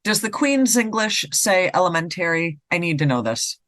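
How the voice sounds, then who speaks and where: A woman's voice: lowish voice, very animated, moderate pace, fairly bright tone, no room sound. A woman from upstate New York with an upstate New York accent, co-hosting a casual podcast and questioning things in disbelief. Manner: incredulous, questioning. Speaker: podcast co-host.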